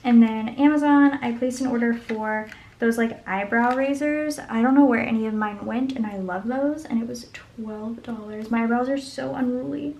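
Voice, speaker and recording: A woman with a slightly high voice chats casually while planning her budget at home. She thinks aloud and sometimes murmurs the sums under her breath. A faint hiss sits under the recording. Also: normal speed, few pauses, a little mellow, poor audio. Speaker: budget vlogger.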